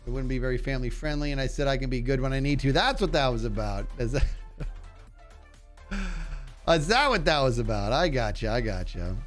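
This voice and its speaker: Nasal man, gaming streamer, lively pitch swings, faint music under him. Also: brisk, pauses often. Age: adult. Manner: chatty, reads and answers chat while playing. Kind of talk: casual gaming livestream chat.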